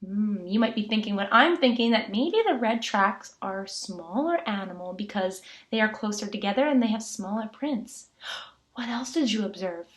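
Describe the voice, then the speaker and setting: A woman teacher recording an online lesson for children, animated and full of gasps and rhetorical questions. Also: medium pitch, moderate pace.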